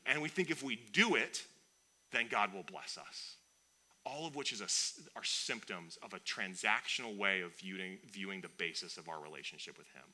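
A man preaching a sermon in a conversational, animated way, with playful asides. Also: low voice, normal speed. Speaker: pastor.

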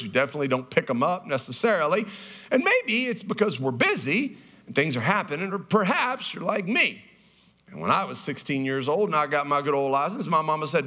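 Man preaching, folksy storyteller, conversational, lively pitch. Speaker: guest preacher. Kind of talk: sermon with humorous storytelling.

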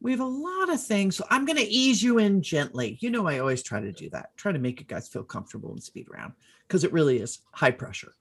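A middle-aged woman hosting a casual panel chat, playful and quick to laugh. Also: fairly low pitch, very animated, husky. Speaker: host.

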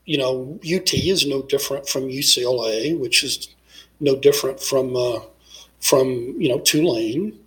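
A man's voice: mid-range voice, a little slow, fairly bright tone, poor audio. A middle-aged man from Texas talking as an interview guest, rambling through his points with many fillers and restarts. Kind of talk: casual interview conversation.

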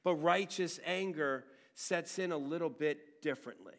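A middle-aged man preaching a sermon. He swings from loud, emphatic teaching to hushed, personal storytelling, and speaks frankly with many restarts. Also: on the high side, normal speed. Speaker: pastor.

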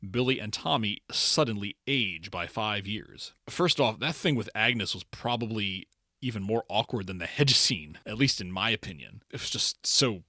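A man's voice: on the low side, lively intonation, normal speed, sharp tone, no room sound, clean studio sound. A man co-hosting a podcast, giving a chatty, opinionated episode recap and laughing now and then. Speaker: podcast co-host.

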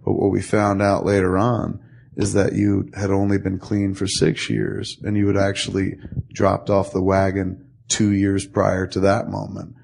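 A man's voice: deep voice, monotone, unhurried, gravelly, darkish tone. A man hosting a casual podcast, telling a long profane story with lots of acted-out quotes. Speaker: podcast host.

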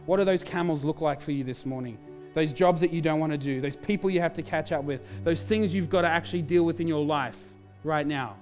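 Male pastor, lively sermon storytelling, faint music underneath. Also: on the high side. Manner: animated storytelling, quick asides.

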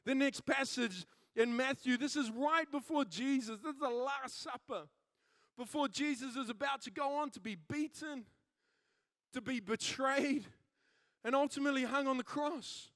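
A man preaches with lively, story-driven energy, jumping into the voices of the people he describes. His voice sits unusually high, and it is recorded dry, with no room sound. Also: moderate pace, no echo. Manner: animated storytelling, acting out quoted characters. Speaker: pastor. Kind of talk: sermon.

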